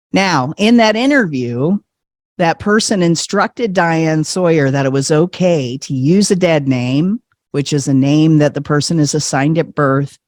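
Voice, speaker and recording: Lively man telling a story, dry sound. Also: a little high, no echo. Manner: animated storyteller, laughs often, acts out quotes. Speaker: podcast guest. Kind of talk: casual storytelling in an interview.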